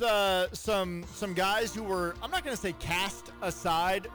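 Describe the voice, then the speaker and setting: A man hosting a sports radio show in casual, joking talk with quick asides. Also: high voice, sharp tone, soft background music.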